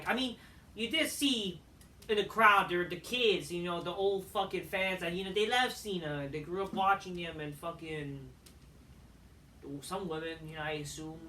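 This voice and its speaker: A woman's voice: fairly low pitch, bright, forceful tone, slight background noise. A woman reviewing a wrestling show in a casual, rambling rant, swearing often and brushing things off with dismissive asides. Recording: echoey room, voice far from mic.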